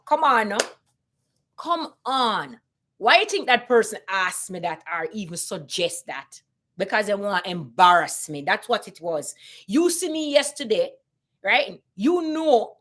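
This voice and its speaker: A woman with a Jamaican accent talking casually on a live stream, emphatic, repeating points and asking rhetorical questions. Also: medium pitch.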